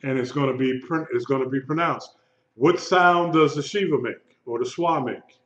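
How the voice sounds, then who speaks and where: A man teaching a live Hebrew lesson, speaking slowly and patiently and repeating words for his students. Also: medium pitch, fairly bright tone. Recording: lo-fi echoey room recording.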